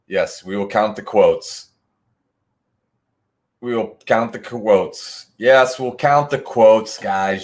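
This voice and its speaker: A man's voice: on the low side, lively intonation, measured pace. A man hosting an online trivia night, reading answers and scores and teasing players in the chat with sarcastic banter. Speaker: trivia host.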